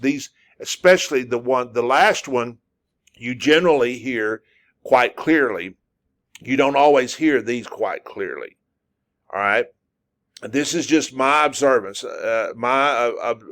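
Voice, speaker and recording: A man teaching a casual spoken lesson as a non-native speaker. He repeats syllables slowly and uses many fillers. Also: medium pitch. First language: English. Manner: repetitive, drawn-out demonstrations of syllables with frequent fillers. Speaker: language teacher.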